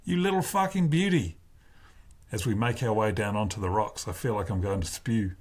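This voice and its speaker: Low husky guy narrating a story, slow and deliberate. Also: steady tone. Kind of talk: first-person novel reading.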